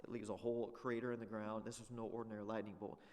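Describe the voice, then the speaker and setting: A man's voice: fairly low pitch, flat delivery, quick pace, darkish tone, big-room sound. Man teaching a church Bible class. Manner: conversational, rhetorical questions. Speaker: Sunday school teacher.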